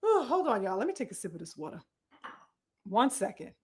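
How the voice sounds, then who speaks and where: A woman giving animated, profane live-stream commentary on boxing. She talks straight to her viewers and calls them brothers and sisters. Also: medium pitch, brisk, breathy edge.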